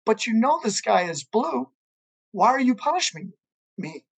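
A man's voice: sits high, very animated, measured pace, vocal fry, husky, full character voice. A man voicing a sensible male tiger in a spoken fable, speaking in his everyday voice. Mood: plaintive.

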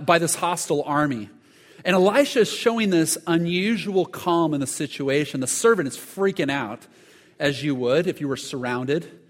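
A man's voice: fairly high pitch, long reverb tail. A man preaching a sermon, telling stories earnestly with frequent restarts and repeated words. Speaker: pastor.

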